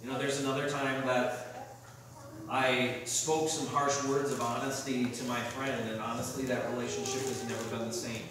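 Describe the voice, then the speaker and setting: A man's voice: mid-range voice, level tone, normal speed, far from the mic. A young adult man preaching a sermon as a pastor, earnest and conversational, telling personal stories. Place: church sanctuary. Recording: echoey church hall mic from afar with noise.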